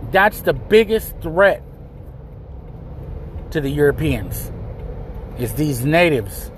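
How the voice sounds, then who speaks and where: Guy doing a solo podcast rant, kinda high voice, blunt, repeats himself, swears a lot, faint traffic hum. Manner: blunt, repetitive, emphatic, swears freely. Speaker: podcast host. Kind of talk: solo commentary.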